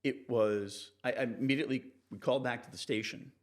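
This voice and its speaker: A man, a TV reporter and interview guest, telling anecdotes in a relaxed, animated way and acting out the people he quotes. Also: brisk. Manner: animated, acts out quoted people with raised pitch. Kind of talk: conversational storytelling in an interview.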